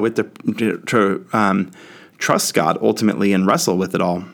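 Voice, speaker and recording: A man's voice: lowish voice, gravelly. A man teaching a Bible lesson in a casual, conversational way, often checking in with the listener.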